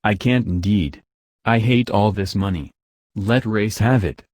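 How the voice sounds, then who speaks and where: A man reading the part of an impassioned young man who pleads slowly and urgently. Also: fairly low pitch, darkish tone, no room sound, studio quality.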